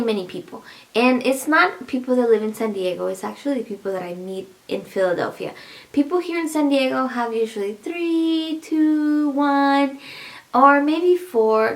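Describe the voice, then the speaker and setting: Chatty woman with a gravelly edge. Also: high-pitched. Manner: chatty, rambling, laughs often, addresses viewers. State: pregnant. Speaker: vlogger. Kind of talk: casual pregnancy update vlog.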